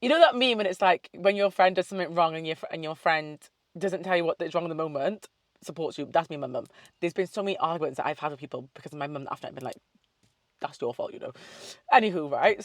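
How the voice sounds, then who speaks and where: A woman's voice: lowish voice, no room sound, clean studio sound. A young woman, chatting casually to camera, swearing freely and wandering off on tangents. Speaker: vlogger. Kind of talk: casual chat.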